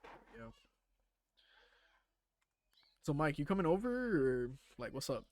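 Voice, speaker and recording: A man's voice: a little high, big pitch swings, fairly quick, a little mellow, no room sound. A man chatting casually and swearing freely while streaming a game, laughing often and muttering to himself as he plays. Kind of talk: casual live-stream chat while playing.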